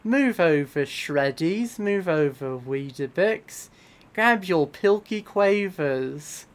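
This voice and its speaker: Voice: medium pitch, expressive, slow. A streamer voicing a cheeky British breakfast cereal announcer in a put-on British accent, talking like an exaggerated advert. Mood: hammy. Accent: mock British.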